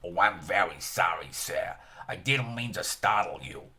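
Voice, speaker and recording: A man's voice: low voice, expressive, measured pace, sharp tone, voice pushed down, full character voice. A man voicing a humble, rumpled middle-aged male police detective who is politely apologetic. His voice drops well below his own.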